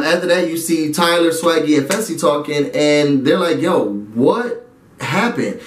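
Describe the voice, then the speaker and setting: A fairly high-voiced man chats animatedly through a TV recap, breaking off into asides to his viewers. He sounds a little away from the camera mic, and the room around him echoes. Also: far from the mic. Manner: animated, chatty, talks straight to viewers with asides. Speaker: reality TV recap YouTuber. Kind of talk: casual recap and review vlog.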